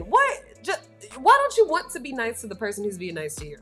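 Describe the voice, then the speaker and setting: A woman's voice: sits high, sing-song, fast talker, few pauses, a bit bright, faint music behind. A woman giving blunt, slangy, scolding reaction commentary as a vlog host. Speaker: commentary vlogger.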